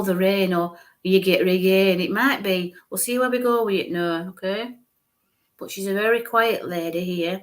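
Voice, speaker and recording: A woman's voice: mid-range voice, a bit bright. Chatty woman giving a live reading. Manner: chatty, describes what she sees, often checks in with "okay?". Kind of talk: live-streamed psychic reading.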